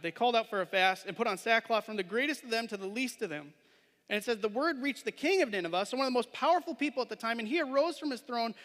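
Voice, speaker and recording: In a church sanctuary with long hall reverb, a male preacher with a high, slightly bright voice reads scripture and then talks it through casually. He keeps checking in with the congregation, posing questions and tacking on "right?"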